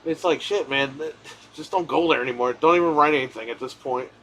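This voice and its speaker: A man chatting casually on a live stream, telling a profane, animated story. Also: medium pitch, a little fast.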